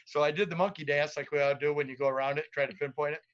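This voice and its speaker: A man tells a long story as a guest on a live video stream, acting out voices and sounds along the way. His voice sits a little high for a man. The stream audio is muffled and lo-fi. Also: very fast. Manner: animated storyteller who acts out voices and sounds. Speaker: guest gold prospector.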